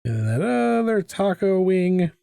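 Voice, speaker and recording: A middle-aged man with a fairly high voice chats casually as he sketches, wandering from topic to topic and poking fun at himself. His sound is dry and close, with no room around it. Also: sing-song, slow pace, gravelly, dark tone, clear, resonant tone, dry recording. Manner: rambling, self-mocking and chatty. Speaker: artist hosting a live drawing stream. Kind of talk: casual chat while drawing. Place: home art studio.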